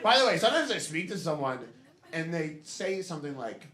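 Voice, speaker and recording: A man performing a stand-up comedy set, telling animated stories and acting out the voices of people he quotes. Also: on the high side, brisk, husky. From Boston.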